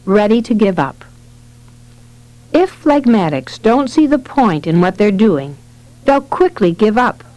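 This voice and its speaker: A woman narrating a nonfiction parenting book in a steady, expressive reading voice. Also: mid-range voice, a little slow, long pauses, no room sound, low-quality recording. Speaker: audiobook narrator.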